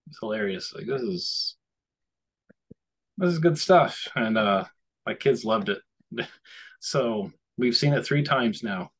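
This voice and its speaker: A man co-hosting a podcast, rambling in casual chat and slipping into animated voices when he quotes people. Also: lowish voice, measured pace. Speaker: podcast co-host.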